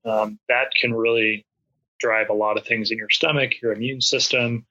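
A man's voice: mid-range voice, fairly even intonation, moderate pace, pushed and bright, lo-fi sound. A man in casual podcast chat who rambles with many restarts and fillers.

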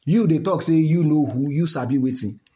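A man's voice: fairly high pitch, fairly quick, warm tone. A man with a Nigerian accent delivering a heated, repetitive monologue to his listeners, slipping into pidgin and Yoruba. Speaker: website founder addressing listeners.

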